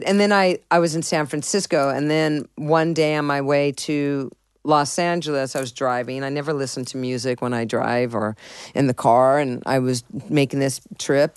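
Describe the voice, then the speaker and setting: A middle-aged woman musician tells blunt, swear-laden stories as an interview guest, playing out both sides of old arguments. Her voice comes through smooth and clear, recorded dry and close with no room sound. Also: rumbling low, moderate pace, dry recording. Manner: animated, profane, acts out conversations. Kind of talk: candid storytelling in an interview.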